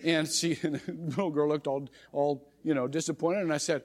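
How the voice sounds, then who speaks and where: A middle-aged man, a pastor, preaching a sermon by telling a personal story, animated and chuckling often, with frequent restarts. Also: on the high side, normal speed. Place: church sanctuary. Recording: long reverb of a church hall.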